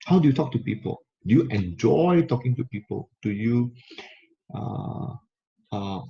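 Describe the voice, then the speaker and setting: A man's voice: mid-range voice, lively intonation, measured pace, gravelly, warm tone. A man giving a motivational talk to camera, coaching listeners and repeating key phrases for emphasis. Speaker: motivational speaker. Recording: slightly muffled lo-fi recording.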